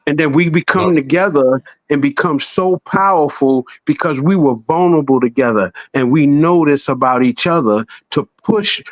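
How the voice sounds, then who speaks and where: A man in a casual podcast chat, swearing freely and preaching with animated storytelling. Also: fairly high pitch, normal speed, few pauses, no echo, lo-fi sound.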